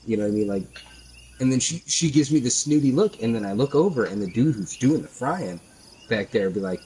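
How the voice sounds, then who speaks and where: A man's voice: mid-range voice, lively intonation, brisk, warm tone, slight background noise, low-quality recording. A man streaming a game, telling a heated story in casual chat full of swearing.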